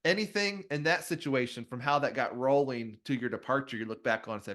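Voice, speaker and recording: A man hosting a podcast interview, asking questions in a relaxed way and affirming his guest with short replies. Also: medium pitch, a little fast, few pauses. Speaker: podcast host, church planter. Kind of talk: interview questions and casual chat.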